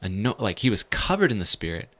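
A man, a pastor, teaching the Bible in a casual, animated way with bits of slang. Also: lowish voice, fast.

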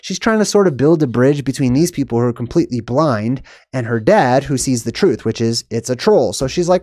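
A man's voice: mid-range voice, animated, fairly quick, hardly any pauses, darkish tone, dry recording, studio quality. A man hosting his own video, talking through a film in a rambling, emphatic way with frequent fillers and short laughs. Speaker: video host. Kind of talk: casual monologue.

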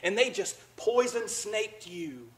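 A man's voice: sits high, sing-song, slow pace, a bit bright, low-quality recording. A man preaching a conversational sermon as pastor, acting out the voices of the people he describes. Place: church sanctuary.

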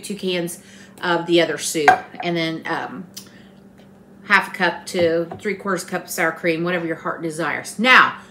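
A middle-aged woman runs a casual cooking demonstration for her home cooking channel, chatty, folksy and teasing, in her home kitchen. Her voice is medium-pitched, with background noise present.

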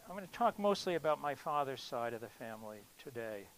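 A man's voice: mid-range voice, very animated, brisk, a bit bright, a little hiss or hum, low-quality recording. A man introducing his poetry at a reading, speaking in a hesitant, reflective way with frequent ums. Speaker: poet giving a reading. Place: cultural center hall.

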